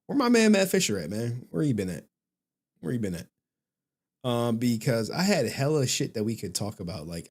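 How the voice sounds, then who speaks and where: Lively, slangy male streamer. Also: medium pitch. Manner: slangy, laughs often, repeats himself. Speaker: livestream host. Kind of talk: casual livestream chat with viewers.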